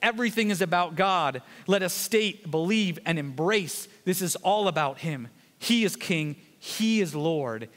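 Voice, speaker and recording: High-voiced man preaching in an echoing hall. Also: expressive, a bit bright. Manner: fast, conversational preaching with joking asides. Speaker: pastor. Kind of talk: sermon.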